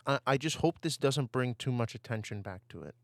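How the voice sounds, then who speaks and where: A man's voice: medium pitch, expressive, a little fast, no echo, studio quality. A man ranting over gameplay footage on a desk mic, heated and given to repeating himself. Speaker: gaming YouTuber. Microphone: desktop mic.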